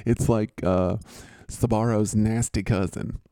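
Male host, low dark gravelly voice, jokey and rambling, dry sound. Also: steady tone, moderate pace, few pauses, dry recording. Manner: joking, rambling, teasing. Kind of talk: casual chat.

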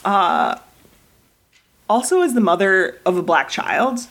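A woman in her thirties co-hosts a casual podcast chat. Her voice is slightly husky and swings widely in pitch. She tells personal stories with feeling. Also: takes it slowly. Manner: emotional, animated storytelling with acted quotes. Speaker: podcast co-host. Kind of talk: casual conversation.

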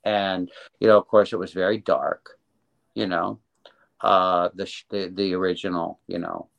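A man's voice: low voice, measured pace, gravelly, poor audio. An older man in an interview, telling a story casually with lots of energy. He restarts his sentences often and slips into voices for the people he quotes. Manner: animated, does voices, many restarts. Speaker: interview guest, illustrator.

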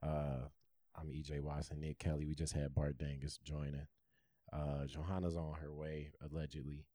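Very deep-voiced young man, crude jokes. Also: little pitch movement, moderate pace, dark tone, no room sound, clean studio sound. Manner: crude, joking, swearing. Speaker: podcast co-host. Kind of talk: casual chat. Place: small room.

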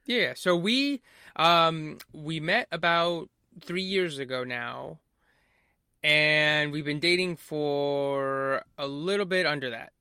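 Bright-voiced young man telling a story. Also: a little high, slow, clean tone, no echo, clean studio sound. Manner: rambling storyteller, many fillers and acted-out quotes. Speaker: podcast host. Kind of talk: casual podcast chat.

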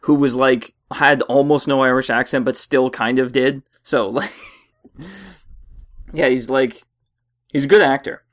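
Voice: mid-range voice, steady tone, unhurried, long pauses. A young adult podcast co-host in casual group chat, rambling and wry, swearing and laughing easily.

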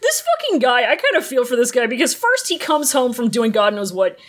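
Wry, riffing woman podcast co-host with a high, lively voice. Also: a little fast. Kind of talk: casual recap chat.

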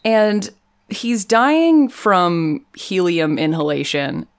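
Low-pitched woman co-host, chatty and animated, laughs a lot, casual episode recap. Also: extremely slow. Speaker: podcast co-host.

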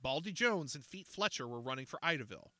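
A man reads a children's storybook aloud with an animated, lively pitch and a bright tone. The recording is dry and close. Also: quick pace, dry recording. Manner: expressive, animated.

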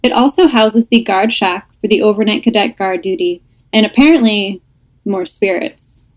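A woman's voice: medium pitch, normal speed, low-quality recording. A woman podcast host reading listener ghost stories aloud, breaking off for laughing asides.

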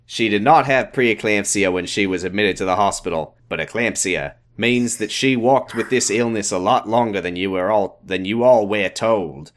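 A man's voice: on the low side, normal speed, hardly any pauses. A man co-hosting a comedy podcast over a voice call, reading a story aloud and breaking into laughter. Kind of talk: comic dramatic reading. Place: home, on a voice call.

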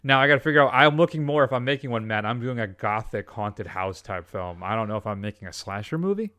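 A man's voice: on the low side, expressive, fast, bright, forceful tone, no room sound. A man co-hosting a film podcast, rambling and joking with many fillers. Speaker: podcast co-host. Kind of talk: casual comedic film chat.

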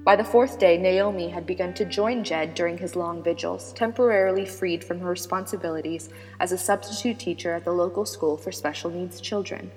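A woman's voice: fairly low pitch, darkish tone. Woman narrating a serialized story. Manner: measured, dramatic storytelling. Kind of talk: scripted audiobook narration. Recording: long reverb with background music.

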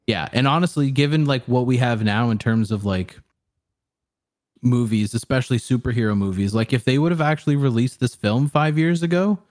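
A man's voice: medium pitch, brisk, darkish tone. A young man in casual chat, reviewing a film in a rambling way with lots of fillers and swearing. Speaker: podcast co-host reviewing a film.

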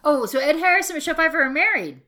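Playful, questioning woman with a lively pitch. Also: racing. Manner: curious, playful, interrupts with questions. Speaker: podcast co-host. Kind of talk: casual chat.

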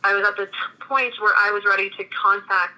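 A woman's voice: medium pitch, fairly even intonation, a little fast, pushed and bright, low-quality recording. A woman in her thirties from Minnesota, telling her own story in a chatty way with many restarts. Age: 30s. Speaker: guest. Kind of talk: casual interview conversation.

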